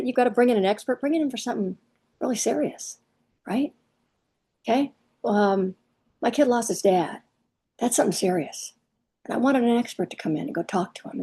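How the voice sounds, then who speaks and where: A woman's voice: mid-range voice, darkish tone, breathy edge. A middle-aged woman parenting coach talking casually to camera, chatty and emphatic, firing off rhetorical questions. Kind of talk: casual advice talk to camera.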